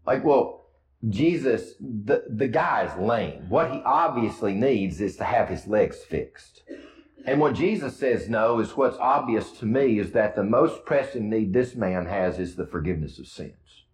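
A man's voice: fairly low pitch, lively intonation, unhurried, reverberant, a little hiss or hum, rough recording. A man preaching a sermon with a Midwestern American accent, retelling scripture in casual, storytelling words. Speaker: pastor.

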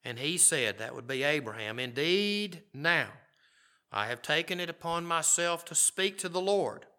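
A man's voice: a little high, expressive, measured pace, pushed and bright. A middle-aged man preaching a sermon, reading scripture aloud and commenting on it in a conversational way. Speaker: pastor.

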